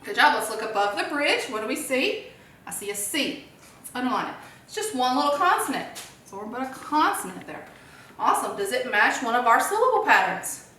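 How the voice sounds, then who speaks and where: Upbeat woman teacher, higher voice, coaxing young pupils through a lesson, answers her own questions; distant mic, heavy room echo. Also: big pitch swings, brisk, pushed and bright, a little hiss or hum. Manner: cheerful, encouraging, asks and answers own questions. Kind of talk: children's phonics lesson.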